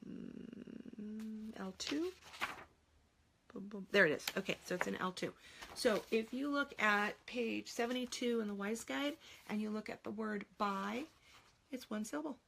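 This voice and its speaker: A woman's voice: mid-range voice, a little slow, gravelly, background noise. A middle-aged woman teaching spelling in a live online Q&A, explaining patiently and sounding words out syllable by syllable. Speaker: spelling trainer.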